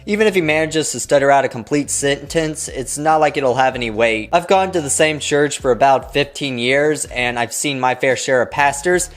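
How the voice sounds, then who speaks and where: A man's voice: medium pitch, normal speed, few pauses. A man giving sarcastic video commentary, mocking and blunt and swearing freely. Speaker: commentary YouTuber.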